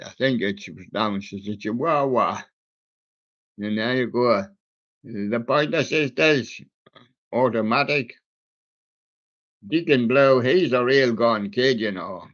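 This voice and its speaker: On a live music stream, the male host keeps things playful with jokes and puns on the song titles. He speaks slowly in a lowish, slightly bright voice, and the recording sounds dull and lo-fi.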